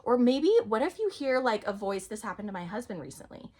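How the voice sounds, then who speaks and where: Chatty woman with animated, rambling delivery. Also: mid-range voice, brisk, breathy edge. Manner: chatty and animated, drops to near-whispers when acting out voices. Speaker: spiritual vlogger. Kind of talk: casual rambling monologue to camera.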